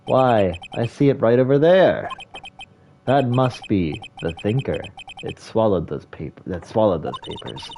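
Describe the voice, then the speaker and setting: A man voicing a pompous villainous gentleman who speaks slowly and with grand, overly polite menace. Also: lowish voice, slight background noise.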